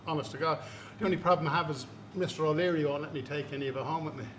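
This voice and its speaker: A man's voice: on the high side, racing, a little hiss or hum. Laughing, swearing Irish man in an echoey room. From Ireland. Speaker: guest at a beer tasting. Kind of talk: casual chat.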